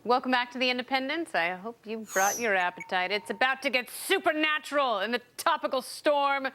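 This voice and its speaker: High-voiced wisecracking woman host. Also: background noise. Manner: wisecracking, quick jokes. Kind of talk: TV panel show banter.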